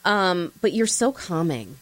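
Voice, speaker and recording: A woman's voice: lowish voice, very animated, unhurried, a bit bright, no room sound. A woman radio host interviewing a comedian, chatty and playful, teasing and self-mocking. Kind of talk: casual interview chat.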